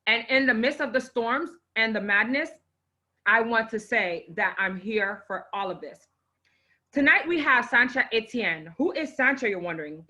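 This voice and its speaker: A woman's voice: a little high, animated, moderate pace, pushed and bright. A woman hosting a live online show, effusive and exclaiming, close to tears as she unboxes gifts and introduces her guest. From Haitian parents. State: on the verge of tears. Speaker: host.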